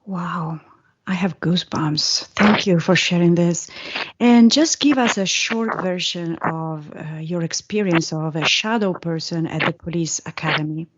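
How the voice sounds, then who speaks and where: Lady interviewer, lowish voice, soft and awed, dull lo-fi sound. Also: a little slow. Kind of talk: interview questions.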